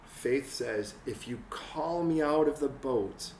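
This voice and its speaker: A man preaching a conversational sermon as pastor, acting out quotes and building to excited peaks. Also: medium pitch, slow, a little hiss or hum. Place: church hall. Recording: roomy church sound from a distant mic.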